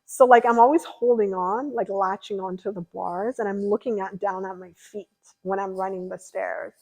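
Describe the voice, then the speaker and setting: A woman's voice: medium pitch, fairly even intonation, normal speed, darkish tone, poor audio. Young woman streamer rambling on, casual chat, lots of likes and ums. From California. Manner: chatty and rambling, lots of fillers. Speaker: livestreamer. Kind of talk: casual chat reading viewer comments.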